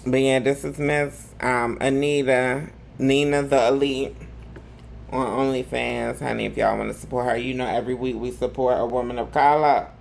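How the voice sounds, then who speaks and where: A man's voice: medium pitch, steady tone, normal speed, vocal fry, a little hiss or hum. A man hosting a live gossip commentary show, talking in a sassy, campy way full of drawled slang. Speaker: host.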